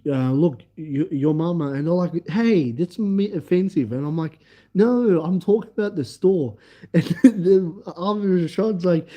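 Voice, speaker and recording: A young man chats on his live stream, rambling through a funny story and breaking into laughter often. His voice is strikingly dark and mellow though pitched a little high, and he talks slowly and unhurriedly. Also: dull audio. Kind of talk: casual livestream storytelling.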